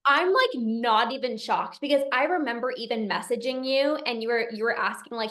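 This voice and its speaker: A woman's voice: on the high side, brisk, hardly any pauses, fairly bright tone. A woman nutrition coach hosting, speaking in an emphatic, affirming way to her client. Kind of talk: encouraging coaching talk.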